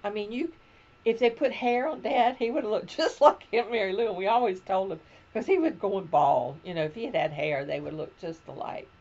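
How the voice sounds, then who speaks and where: A woman's voice: mid-range voice, animated, a little fast, darkish tone, muffled recording. A woman in her seventies, hosting a crochet show, telling family stories in a rambling, casual chat from home. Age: 70s. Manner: rambling personal storytelling. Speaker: crochet podcast host.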